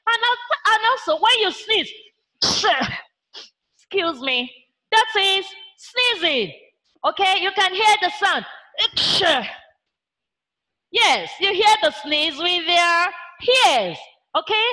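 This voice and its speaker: Nigerian woman teacher, very high voice, slow, sing-song call-and-response, children's science class. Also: sing-song, bright, forceful tone. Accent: Nigerian English. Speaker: primary school teacher. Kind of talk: children's online science lesson.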